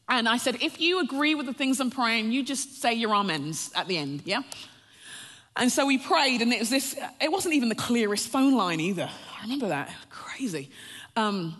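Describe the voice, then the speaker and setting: A woman's voice: on the high side, a bit bright. A woman preacher telling a personal testimony, storytelling and often breaking into a laugh as she addresses the listeners as friends. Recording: long reverb of a large hall.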